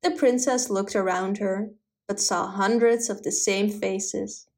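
A woman reading a fairy tale aloud with clear, steady storybook narration. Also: mid-range voice, a little slow.

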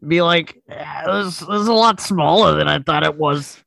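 A man doing a comic impression of a laid-back young male comedian, raspy and halting, full of fillers. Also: fairly high pitch, sharp tone, no room sound, full character voice. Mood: deadpan. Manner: halting, full of "uh" and "you know".

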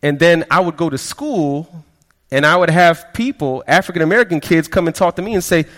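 A man with a slightly high voice preaches a personal testimony, speaking in a loose, storytelling way. He often catches on a word and repeats it before moving on. His voice rings out with a long reverb, as in a large hall. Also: a little fast. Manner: conversational storytelling, frequent stammered repeats, quotes people in quieter voices. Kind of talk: sermon testimony.

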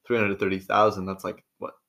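A man's voice: low-pitched, level tone, a little fast, fairly bright tone. A man co-hosting a casual podcast, laid-back, asking questions and tossing in slang. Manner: laid-back, asks questions, uses slang like bro and dude. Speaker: podcast co-host. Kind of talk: casual chat.

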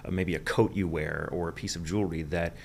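Deep-voiced wry man from Texas. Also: steady tone, fairly quick, creaky, a little hiss or hum. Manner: candid, profane, self-deprecating and wry. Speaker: voice actor guest. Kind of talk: candid interview storytelling.

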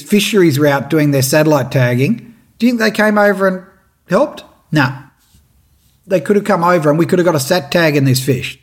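An Australian man telling a lively fishing story and giving tips, acting out what others said. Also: fairly high pitch. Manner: animated, acts out what others said. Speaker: fishing presenter.

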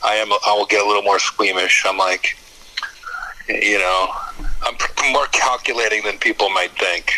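A man who is a comedian guest, answering interview questions in a quiet, reflective way. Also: on the low side, fairly even intonation, normal speed, rough recording.

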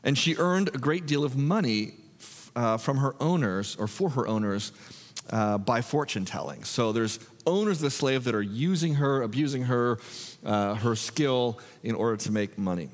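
A man preaching a sermon, retelling a story in a conversational, animated way with filler words. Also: medium pitch, moderate pace, big-room sound. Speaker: pastor. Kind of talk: expository sermon.

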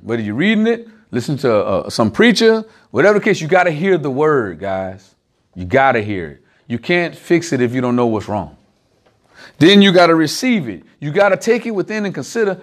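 Lively man preaching to a small group. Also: high-pitched, a little fast. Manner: animated, lively, talks straight to listeners with everyday examples. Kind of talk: informal conversational sermon.

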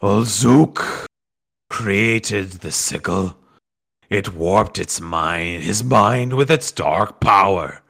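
A man's voice: low-pitched, a bit bright, voice pushed down, full character voice. A man voicing a menacing male ghost that possesses a body and guards a cursed sickle, speaking in solemn, threatening pronouncements. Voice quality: gravelly, slow and looming. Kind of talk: game master voicing a creature.

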